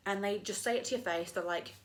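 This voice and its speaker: A woman's voice: mid-range voice, fast, slight background noise. A young woman ranting casually to camera, swearing freely and mocking people in put-on voices. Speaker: vlogger.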